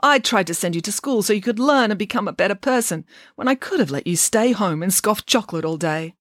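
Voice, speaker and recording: A woman voicing a loving, fretful mother in a read-aloud storybook, with a shrill, anxious delivery. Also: animated, fairly quick, no room sound, clean studio sound, natural voice. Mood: tender.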